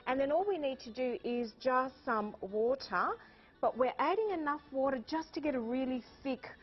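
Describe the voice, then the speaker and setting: A woman's voice: high-pitched, normal speed, slightly rough. An Australian woman, a guest chef, chatting cheerfully through a cooking demonstration. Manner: cheerful, laughs often. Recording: dull lo-fi TV audio.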